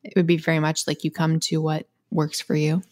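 A woman's voice: sits low, flat delivery, brisk, darkish tone. A woman co-hosting a podcast in casual chat, reading listener mail aloud in a gushing, chatty way. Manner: gushing, chatty, full of "like" fillers, laughs often. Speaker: podcast co-host.

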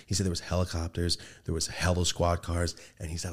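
In a fairly quick delivery from a voice that sits low, a man hosting a podcast tells a profane street story. He's casual and animated in the studio, acting out quotes and producing gun sounds.

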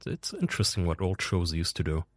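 A man with a very deep voice banters on a podcast and tosses in silly jokes. His voice is recorded close and dry, with no room sound. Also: big pitch swings, brisk, dry recording. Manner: joking, goofy asides. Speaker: podcast co-host. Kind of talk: casual chat.

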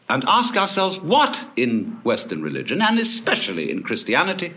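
A man giving a public lecture to an audience, telling stories in a wry, animated way with swooping emphasis. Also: medium pitch.

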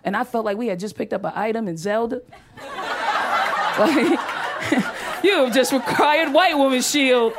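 A woman's voice: on the high side, a little slow, pauses often, very noisy. Brash, profane woman doing stand-up. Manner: brash, profane, laughing through punchlines. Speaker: stand-up comedian. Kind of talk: stand-up comedy set. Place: comedy club stage with audience.

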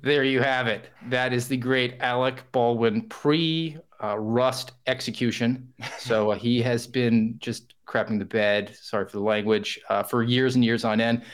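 A man's voice: mid-range voice, fairly even intonation, measured pace, hardly any pauses, clean tone. A man filling in as podcast host, talking in a chatty, self-deprecating way with frequent fillers. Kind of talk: casual podcast monologue.

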